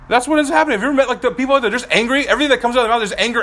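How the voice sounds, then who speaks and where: Delivering a sermon as pastor, a man in his thirties speaks with an extremely high pitch. His animated preaching shifts from soft and slow stretches to loud, fast bursts.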